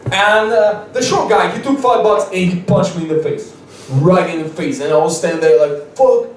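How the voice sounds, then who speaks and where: Young stand-up, rambling and giggly, fairly high voice, very echoey room. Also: male voice, moderate pace, slight background noise. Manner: rambling, laughing often, frequent restarts. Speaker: stand-up comedian. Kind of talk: stand-up comedy storytelling. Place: open mic club. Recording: echoey room, mic far off.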